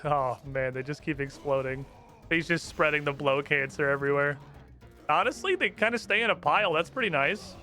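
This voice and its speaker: A young man with a slightly high, sharp-toned voice talks at a moderate pace while streaming a fantasy game. Game music plays behind his casual commentary, which is playful, joking and sprinkled with swearing.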